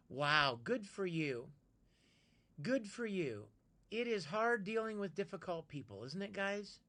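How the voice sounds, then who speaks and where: A bright, ringing male voice chatting live with viewers from a home streaming setup. He is playful and greets people by name with sudden bursts of excitement. He then drops into easy, joking banter. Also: a little high.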